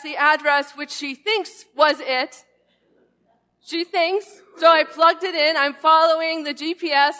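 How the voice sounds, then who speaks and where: A woman pastor preaching, reading scripture and then telling a story in a lively, conversational way in a church. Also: sits high. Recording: long hall reverb.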